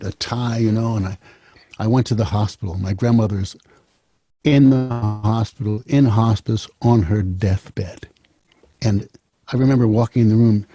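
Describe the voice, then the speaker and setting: A man's voice: fairly low pitch, dark tone, dry recording. A man in his seventies, a show host telling a rambling personal story, repeating and restarting phrases as he goes. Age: 70s.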